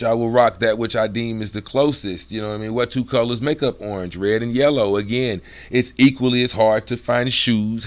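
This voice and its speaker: A middle-aged man hosting his own video, talking casually in slang and acting out the voices he uses, dropping his voice low when he gets serious. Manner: laid-back slangy, acts out voices, drops low for serious. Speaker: video host. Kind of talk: casual talk to camera.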